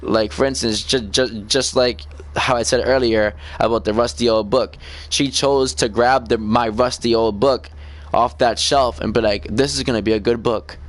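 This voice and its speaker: A man's voice: mid-range voice, steady tone, unhurried. A man chatting in a casual, rambling way, often asking "you know what I mean" and stumbling over repeated words. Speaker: gamer vlogger. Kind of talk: casual rambling confessional chat.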